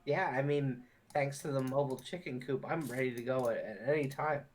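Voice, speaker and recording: Low-voiced giggly woman player. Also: fairly quick, a little mellow, a little hiss or hum. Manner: giggly and enthusiastic, with fillers. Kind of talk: casual game chat.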